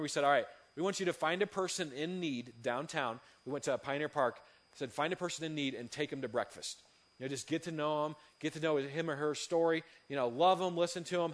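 A young man, a youth pastor, telling a story in an earnest, conversational sermon with many fillers and restarts. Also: fairly high pitch. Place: church hall.

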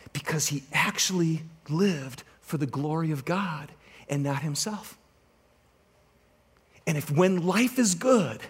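A man with a high, light voice delivers a sermon to his congregation. He tells a story with energy and teases the crowd as he goes. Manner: animated storytelling, joking with the congregation. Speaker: pastor.

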